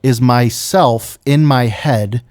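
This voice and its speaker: Man, podcast co-host, casual chat, mid-pitched voice, rambling, lots of fillers, studio mic. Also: slow pace, a little mellow. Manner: chatty, rambling, filler-heavy. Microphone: studio podcast mic with headphones.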